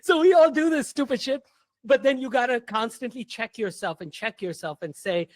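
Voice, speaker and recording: A man's voice: extremely high pitch, normal speed, no echo. A man talking as a podcast guest, telling stories bluntly and emphatically, with casual slang. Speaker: guest, entrepreneur.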